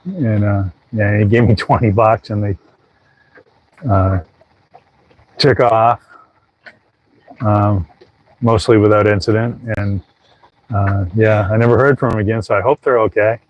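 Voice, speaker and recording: A man's voice: on the low side, steady tone, a little slow, long pauses, muffled recording. A man co-hosting a casual chat aboard a sailboat, rambling as he tells a story and acts out what others said. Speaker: podcast co-host.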